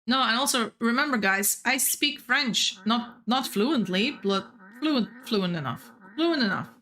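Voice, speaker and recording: Bright, chatty young woman gamer. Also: on the high side, lively intonation, a little slow. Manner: rambling, chatty, laughs often. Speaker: game streamer. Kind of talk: casual chat while gaming.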